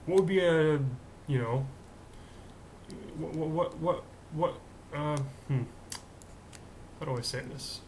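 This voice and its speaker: A man's voice: on the high side, takes it slowly, long pauses, a little mellow, a little hiss or hum, poor audio. A young man in his twenties hosting a comedic vlog, talking in a rambling, jokey, self-mocking way. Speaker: host.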